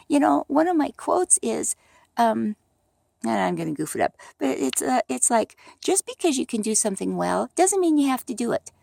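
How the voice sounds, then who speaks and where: A middle-aged woman with a heavily gravelly, fry-laden voice talks off the cuff, rambling and animated with many restarts. The sound is dry and close. She sounds like she is chatting outdoors on her deck. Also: a little high, dry recording. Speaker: vlogger. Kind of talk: unscripted casual monologue.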